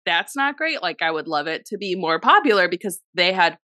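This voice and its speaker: Bright-voiced woman podcaster, dry close sound. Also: fairly low pitch, brisk, dry recording. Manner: animated storyteller, swears freely, heavy use of "like". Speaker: podcast co-host. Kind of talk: casual chat.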